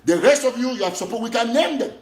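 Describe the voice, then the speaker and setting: A man's voice: extremely high pitch, lively intonation, fast talker, roomy sound. A man with a Cameroonian Pidgin English accent, an activist giving an impassioned, repetitive political monologue.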